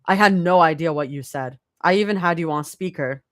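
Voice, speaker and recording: A woman voicing a calm young woman who teases in a low, slow drawl. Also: no room sound, studio quality, close to an everyday voice. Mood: teasing. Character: teasing, smooth-talking young woman, playful and calm.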